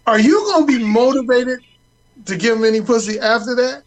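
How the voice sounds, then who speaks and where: Man, high voice, blunt, explicit, confident, casual chat. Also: brisk, a little hiss or hum, rough recording. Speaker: dating advice author.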